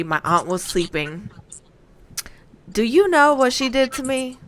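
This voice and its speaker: A woman's voice: mid-range voice, moderate pace, pauses often. A woman in her thirties who grew up between the United States and Spain, telling stories as a podcast co-host and slipping into Spanish now and then. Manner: animated storyteller, slips into Spanish. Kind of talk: casual podcast chat, storytelling.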